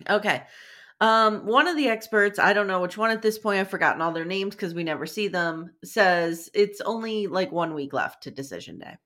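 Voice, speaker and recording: A woman's voice: mid-range voice, lively intonation, normal speed, a bit bright. A woman hosting a casual podcast chat, sarcastic and blunt, swearing freely as she recaps a show.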